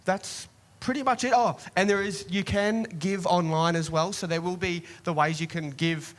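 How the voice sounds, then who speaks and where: A man reading out church notices in a loose, hesitant manner. His voice sits a little high for a man, and he speaks from a church stage. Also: moderate pace. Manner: relaxed, hesitant, filler-heavy. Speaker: church announcements host.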